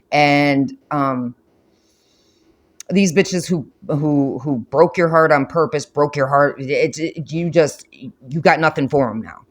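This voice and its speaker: A man with a voice pitched somewhat high for a man delivers a spiritual reading straight to his viewers. He talks bluntly and swears freely, repeating phrases for emphasis and building to forceful declarations. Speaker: tarot reader.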